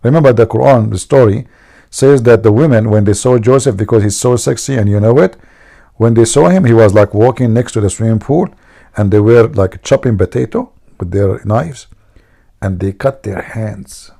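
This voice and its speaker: Gravelly husky guy on a late night stream, mocking and joking, dark low tone. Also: fairly quick. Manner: mocking, teasing, jokey asides. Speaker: live-stream host. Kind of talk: live-stream talk, joke telling.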